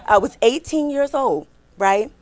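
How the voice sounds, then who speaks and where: Leading a lively career workshop, a middle-aged recruiter speaks fast and chatty, quizzing the audience as she goes. Her voice sits on the high side.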